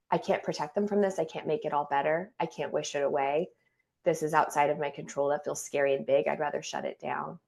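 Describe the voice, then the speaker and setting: Earnest, expressive woman therapist. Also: fairly low pitch, gravelly. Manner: earnest and expressive, acting out quoted voices. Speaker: guest, trauma therapist and doula. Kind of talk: casual podcast interview.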